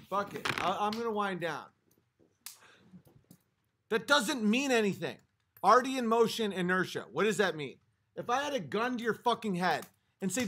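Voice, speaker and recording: A man with a high-pitched, fairly bright voice and lively intonation talks at normal speed, pausing often. He's a livestream host reading chat and arguing with it in a profane, exasperated rant, a little tipsy after a few drinks.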